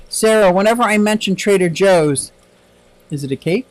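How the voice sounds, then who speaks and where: A man with a high-pitched voice talks casually on a livestream. He rambles from topic to topic, reads out viewer comments and laughs easily. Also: moderate pace, dry recording, rough recording. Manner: chatty and rambling, laughs often. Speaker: aquarium livestream host.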